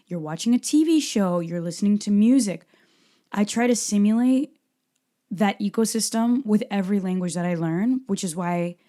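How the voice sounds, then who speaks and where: A young woman from Brazil hosting her own podcast, talking casually and passionately, laughing at herself now and then. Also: lowish voice. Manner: animated, talks fast and passionately, laughs at herself. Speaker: podcast host. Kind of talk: casual solo podcast talk.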